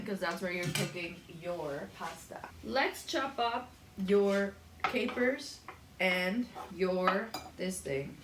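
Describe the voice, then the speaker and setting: Woman venting and cursing while making pasta at home, kitchen echo, faint hiss behind. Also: mid-range voice. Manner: blunt, gossipy, swears freely. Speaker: cooking channel host. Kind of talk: casual rant while cooking.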